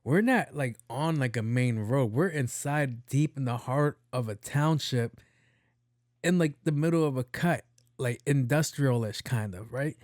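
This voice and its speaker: A man hosting his own podcast, telling a story in a profane, animated way. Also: medium pitch, unhurried, dry recording, clean studio sound. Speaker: podcast host. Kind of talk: casual storytelling monologue.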